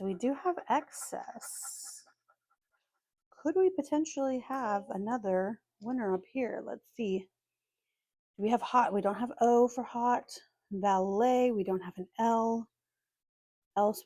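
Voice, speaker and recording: A woman calmly narrating as she scratches lottery tickets, methodically spelling out letters one by one. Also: mid-range voice, dry recording. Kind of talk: calm scratch-and-reveal narration.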